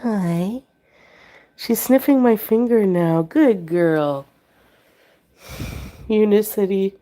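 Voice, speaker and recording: A woman's voice: mid-range voice, extremely slow, mellow. A woman with a sick voice chatting on a livestream, rambling between reading out chat comments and talking to her pet.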